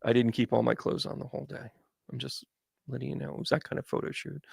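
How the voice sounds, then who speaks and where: A man's voice: medium pitch, fast talker, vocal fry, breathy edge, dry recording, studio quality. A man hosting a casual livestream as a medium, chatting and rambling through stories with lots of restarts. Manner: rambling, animated, chatty storytelling.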